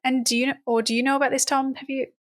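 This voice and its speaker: A woman's voice: high-pitched, level tone, very fast, dry recording, studio quality. A young woman co-hosting a casual political podcast, chatty, laughing often and swearing now and then. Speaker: podcast co-host.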